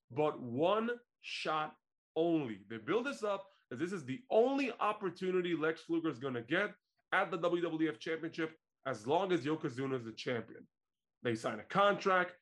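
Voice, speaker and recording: A man from Israel co-hosts a casual wrestling podcast, with a fairly high voice. He tells the story with animated energy and laughs easily. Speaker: podcast co-host. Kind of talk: casual wrestling review chat.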